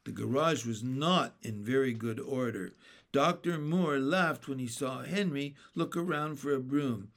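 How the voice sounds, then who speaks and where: A man reading a children's chapter book aloud in a steady, plain storybook narration. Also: medium pitch, unhurried.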